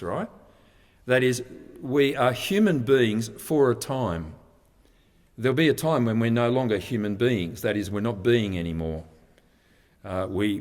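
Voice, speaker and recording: A man's voice: medium pitch, a little mellow. A man preaching a sermon, explaining in a conversational way and often restarting his sentences. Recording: long reverb of a hall.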